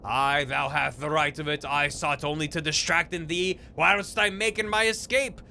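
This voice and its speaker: A man's voice: fairly high pitch, steady tone, normal speed, vocal fry, pushed and bright, slight background noise, exaggerated voice. A man voicing a guilty talking tree in a game, speaking in smug mock-archaic phrasing. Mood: sly.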